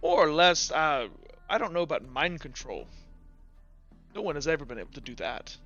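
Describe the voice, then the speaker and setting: A man voicing a weary old male gardener who talks slowly and haltingly. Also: fairly high pitch, expressive, fairly bright tone, dry recording. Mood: explaining. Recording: dull lo-fi audio with faint music.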